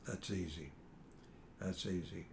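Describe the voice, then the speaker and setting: An older man, reminiscing in a halting, rambling way with fillers while his son interviews him. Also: low voice, gravelly, a little hiss or hum. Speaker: father being interviewed. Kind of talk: casual family interview.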